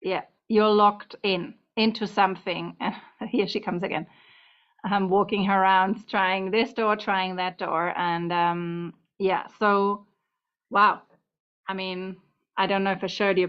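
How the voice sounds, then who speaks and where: In a home room, a woman reads tarot for the camera in a casual, meandering, chatty way, slightly out of breath and pausing to talk to her cat between points. Her voice is medium-pitched and steady, and she speaks a little slowly. Audio is dull and lo-fi.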